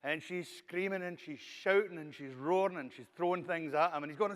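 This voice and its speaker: A Scottish man delivers a conference keynote in a chatty, storytelling way, with a voice pitched a little high for a man. His words trail off into a long reverb that fills a big hall. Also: fairly quick, a bit bright. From Scotland. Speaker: keynote speaker. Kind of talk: conference keynote with a told joke.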